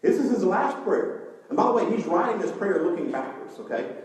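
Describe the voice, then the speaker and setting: A man preaching with real animation, his voice jumping up for emphasis and then dropping low and quiet. He is recorded from a distance in a big church hall, and the sound rings with long, echoing reverb. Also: sing-song, brisk. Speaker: pastor. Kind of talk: sermon. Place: church sanctuary.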